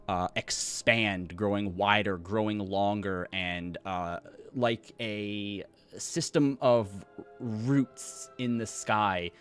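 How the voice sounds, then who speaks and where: A man's voice: lowish voice, a bit bright, clear, resonant tone. A man narrating a tabletop game as game master, in a casual style with many fillers.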